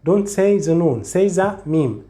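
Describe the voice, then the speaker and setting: A man's voice: on the high side, lively intonation, unhurried, dark tone. A man teaching a pronunciation rule in a tutorial, explaining patiently, repeating himself and reciting example words. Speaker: Arabic and Quran recitation teacher.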